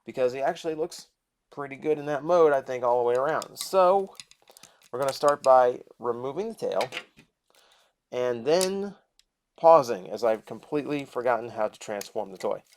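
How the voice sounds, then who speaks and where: A man's voice: mid-range voice, moderate pace, pauses often. A man casually reviewing a toy, chatting and thinking aloud as he transforms it step by step.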